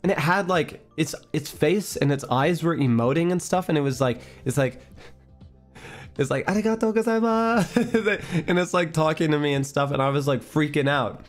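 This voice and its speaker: A man's voice: on the high side, moderate pace, soft background music. Rambling man chatting on stream. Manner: rambling, filler-heavy, giggly storytelling. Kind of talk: casual chat stream.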